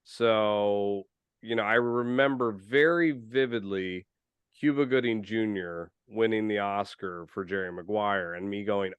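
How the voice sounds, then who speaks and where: A man's voice: fairly low pitch, measured pace, clean tone, no echo, highs cut off. A man from Iowa, co-hosting a casual podcast chat and telling a rambling, chatty story. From Iowa, USA. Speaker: podcast co-host.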